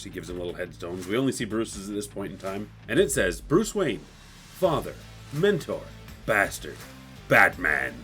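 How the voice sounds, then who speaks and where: Low-voiced man chatting through a comic recap. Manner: chatty, retells scenes with quoted lines. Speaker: comic book recap host. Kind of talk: casual comic book recap.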